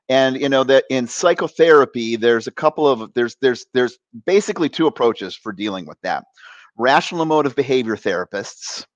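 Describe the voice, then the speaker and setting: Guest coach: a man with mid-range pitch, animated, acting out the voices he quotes, in a dry, close-miked sound. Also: dry recording. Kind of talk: conversational interview.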